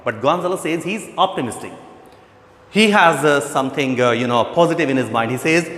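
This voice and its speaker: A man's voice: on the high side, expressive, a little fast, a bit bright. A man teaching a play line by line, restating each point in simpler words. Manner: repeats and rephrases each point. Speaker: English literature teacher. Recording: echoey room with long reverb.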